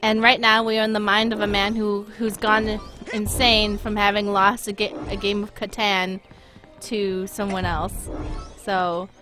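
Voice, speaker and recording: A woman's voice: medium pitch, level tone, measured pace, bright, forceful tone, soft background music. A woman casually commentating a video game she plays, rambling and self-deprecating. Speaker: gaming streamer. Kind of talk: let's play commentary.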